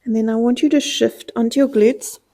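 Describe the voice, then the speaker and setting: Breathless, a young woman leads a pilates class, calling out brief exercise cues and counting down. She speaks briskly in a fairly high, mellow voice that stays steady in tone.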